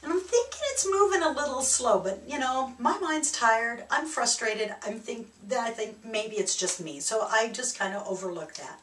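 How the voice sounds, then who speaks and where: A woman telling a reflective personal story as a spiritual speaker, animated and laughing as she goes. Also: on the high side, normal speed, hardly any pauses, slight background noise. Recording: echoey room, distant mic.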